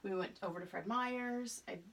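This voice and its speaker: A woman's voice: medium pitch, moderate pace, far from the mic. A woman in her forties from Oregon, telling a story in a casual podcast chat, acting out old dialogue and laughing often. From Portland, Oregon suburbs. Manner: animated, acts out quoted dialogue, laughs often. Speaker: podcast guest.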